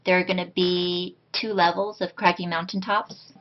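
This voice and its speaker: Woman, card-making tutorial host, low voice, reflective, lots of ums, muffled lo-fi sound. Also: level tone, normal speed, background noise. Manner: reflective, many ums, soft-spoken. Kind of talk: casual crafting tutorial.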